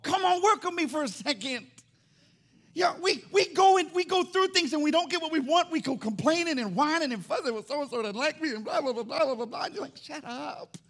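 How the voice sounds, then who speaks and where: Loud, high-pitched preaching pastor. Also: male voice, animated, a little fast. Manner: loud, swinging between shouting and hushed. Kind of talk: sermon. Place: church sanctuary.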